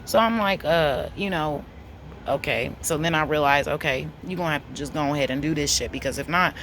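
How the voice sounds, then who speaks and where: A woman, telling a story to camera in a blunt, profane, animated way. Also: deep voice, a little fast, slight background noise. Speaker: vlogger.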